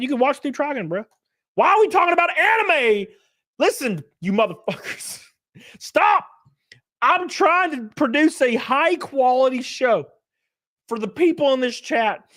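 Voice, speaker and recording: Animated, swearing man in his thirties. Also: high voice. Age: 30s. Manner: loud, profane ranting with laughter. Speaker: livestream host. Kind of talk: casual livestream chat.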